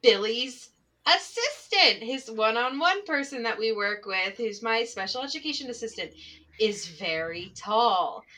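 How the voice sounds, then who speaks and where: A woman who works as a special education teacher, telling a story in casual chat, animated and full of "like", laughing as she goes. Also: fairly high pitch, unhurried, slight background noise, rough recording.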